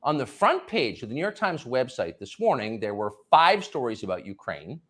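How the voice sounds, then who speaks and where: A man's voice: medium pitch, sing-song, normal speed, fairly bright tone. A man delivering a sarcastic, mocking political monologue as a commentary host.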